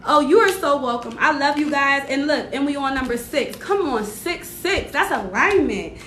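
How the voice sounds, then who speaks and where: High-voiced slangy woman on a livestream. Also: lively intonation, moderate pace, a bit bright. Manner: slangy, encouraging, chatty with viewers. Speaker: spiritual reader on a livestream. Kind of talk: casual livestream card reading. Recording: echoey room with faint rumble.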